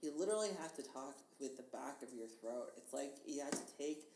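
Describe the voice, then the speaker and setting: Low-voiced chatty woman in a roomy space. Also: animated, a little fast, darkish tone. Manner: chatty, bubbly, lots of "like" and laughter. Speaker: podcast guest. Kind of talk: casual chat. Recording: roomy with faint noise.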